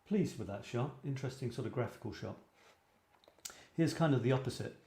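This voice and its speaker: British male host, mellow voice, rambling and self-deprecating, roomy echo. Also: medium pitch, lively intonation, fairly quick. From Britain. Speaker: host of a photography show. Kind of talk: casual livestream chat. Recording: echoey room.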